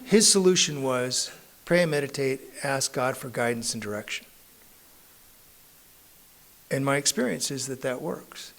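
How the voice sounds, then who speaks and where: A man's voice: medium pitch, unhurried, pauses often, a bit bright. A middle-aged man telling his story as a recovery meeting speaker, conversational and self-mocking, with frequent tag questions. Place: recovery club meeting room.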